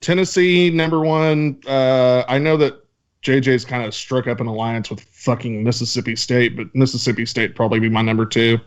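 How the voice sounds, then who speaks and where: A man's voice: mid-range voice, fairly even intonation, moderate pace, clear, resonant tone, dull audio. A man co-hosting a casual podcast, reading listener questions aloud with loose, joking banter and a bit of swearing. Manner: loose, joking, swearing, stumbles over names.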